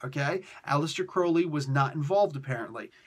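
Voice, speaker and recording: A man hosts a comic book review show in a loose, animated chat full of jokey asides. His voice sits a little high and has a husky edge. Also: brisk. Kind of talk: casual comic review talk.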